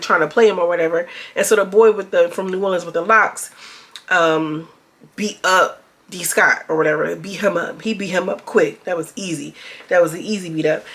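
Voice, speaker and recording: A woman's voice: on the low side, fairly bright tone. A woman giving casual, slangy commentary on a reality show and talking straight to her viewers. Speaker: reality TV reviewer.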